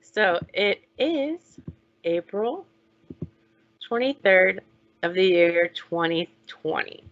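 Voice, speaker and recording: A woman teaching young children online, talking slowly in a sing-song way as she leads chants, songs and counting. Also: medium pitch, animated, dull audio. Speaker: preschool teacher.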